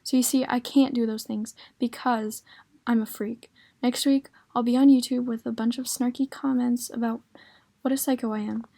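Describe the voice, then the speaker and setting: A woman's voice: a little high, fairly even intonation, normal speed, vocal fry. A woman reading as an angry teenage boy with tics. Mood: angry, shouting. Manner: shouting, agitated outbursts.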